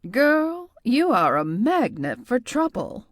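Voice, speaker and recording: Audiobook role: woman voicing a wise, patient tarot reader, calm and teasing, lively pitch, dry close sound. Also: slow, dry recording, exaggerated voice. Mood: knowing. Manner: calm, knowing, lightly teasing. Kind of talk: audiobook character voice.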